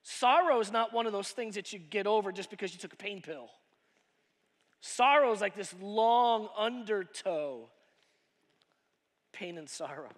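High, bright preacher man in a big hall. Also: measured pace, pauses often. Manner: animated, swings from shouting to hushed asides. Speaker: pastor. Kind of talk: sermon. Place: church auditorium. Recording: long reverb of a church hall.

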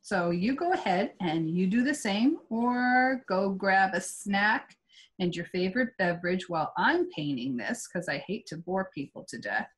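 Chatty lady walking folks thru a painting project, mid-pitched voice. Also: animated, unhurried, low-quality recording. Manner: chatty and digressive. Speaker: art instructor. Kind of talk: live painting demonstration.

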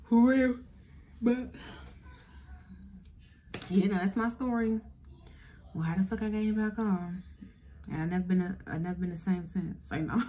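A young woman telling a story to her viewers in a casual vlog, animated and profane, speaking straight to the audience. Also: on the low side, a little hiss or hum. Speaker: vlogger.

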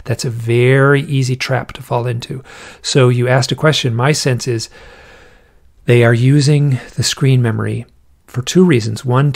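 Gravelly-voiced man telling stories casually. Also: medium pitch. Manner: rambling, restarts often, acts out quoted voices. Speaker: podcast guest, author on owls and UFOs. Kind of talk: casual interview storytelling.

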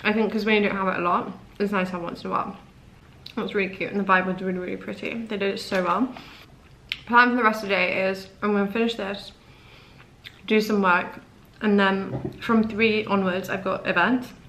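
Young woman, casual vlog to camera, chatty and gushing, says "like" a lot, mid-pitched voice, at home. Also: fairly even intonation, fairly quick, a bit bright, slight background noise. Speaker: fashion vlogger. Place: at home indoors.

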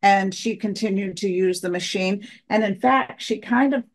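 A woman tells her story as an interview guest. She speaks at a middle pitch and brings it to life by acting out the dialogue of each person she quotes. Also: moderate pace. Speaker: guest, wife of the other guest.

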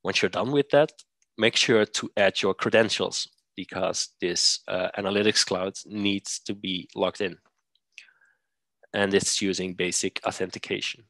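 A man presenting a software demo, walking through steps methodically with occasional fillers. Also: sits low, little pitch movement, unhurried, no room sound. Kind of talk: screen-share software demo.

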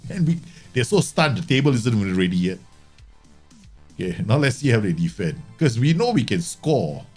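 A man streaming a football management game, chatting casually and joking, swearing now and then, and breaking into loud mock match commentary. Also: mid-range voice, normal speed, husky, faint music behind. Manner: excitable, jokey, swears, bursts into mock match-commentator shouts.

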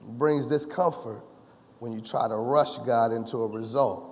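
A male pastor preaching a sermon, joking with the congregation and rising to shouts. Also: medium pitch, normal speed. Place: church sanctuary. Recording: long reverb of a church hall.

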